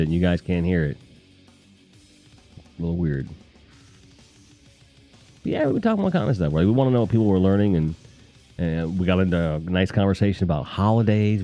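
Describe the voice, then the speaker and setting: A man's voice: low voice, warm tone. A man hosting a casual live stream, rambling and joking with crude humor while talking to his chat.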